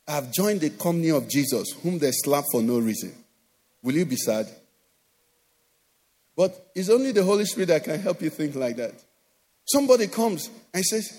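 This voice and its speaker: A pastor with a Nigerian accent and a slightly high voice preaches animatedly, acting out quoted voices and often asking "do you understand?". A long hall reverb colors the recording.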